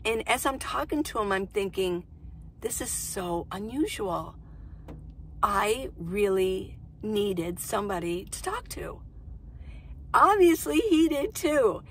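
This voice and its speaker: A woman's voice: mid-range voice, lively intonation, slow pace, slightly rough. A woman in her sixties, a van-life vlogger, casually telling a story to camera in a chatty, rambling way, acting out what people said. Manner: chatty, rambling, acts out quoted dialogue.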